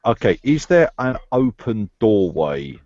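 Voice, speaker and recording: A man plays a tabletop game, careful and stumbling as he works out the scene. His voice is low. The recording is dry and lo-fi. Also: big pitch swings, unhurried, darkish tone, dry recording. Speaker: player.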